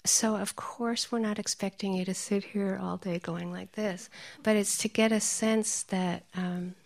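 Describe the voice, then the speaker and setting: A woman meditation teacher giving a dharma talk, telling stories, laughing often and dropping into soft whispers. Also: medium pitch, fairly even intonation, unhurried, creaky.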